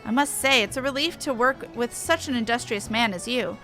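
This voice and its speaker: A woman's voice: fairly high pitch, fairly quick, a bit bright, faint music behind. Woman reading as a prim, haughty scholar lady. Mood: grudging. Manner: formal, archaic, sniffy phrasing. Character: haughty, prim female scholar, reluctant and fussy. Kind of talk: reading game dialogue aloud.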